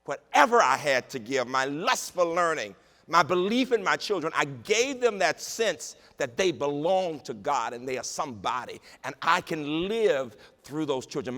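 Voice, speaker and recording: A man giving an inspirational keynote speech in a large conference hall, with a rhythmic, repetitive cadence that drops to a hush in tender moments. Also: fairly high pitch. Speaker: keynote speaker, university president. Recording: long hall reverb over a PA.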